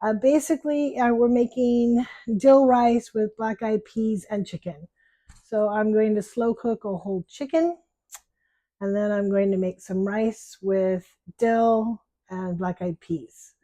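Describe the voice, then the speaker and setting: A woman's voice: medium pitch, unhurried, mellow, dry recording. A woman with an American accent talking casually to viewers as she cooks at home, chatty and a bit self-deprecating. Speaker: home cook. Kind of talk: casual cooking vlog. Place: home kitchen.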